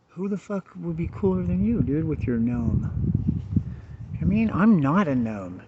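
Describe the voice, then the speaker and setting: This casual outdoor vlog finds a guy on a hillside chatting in relaxed stoner lingo, full of curse words and repeated "dude"s. He speaks at a moderate pace in an expressive, fairly high voice, and the sound is dull and lo-fi with noise behind him.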